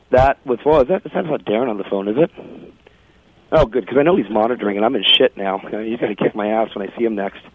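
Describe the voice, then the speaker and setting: A man's voice: on the low side, a little fast, pauses often. A man hosting a casual radio talk show, telling a funny story with plenty of laughs and restarts. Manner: chatty, laughing, self-interrupting. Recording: tinny phone-like radio audio.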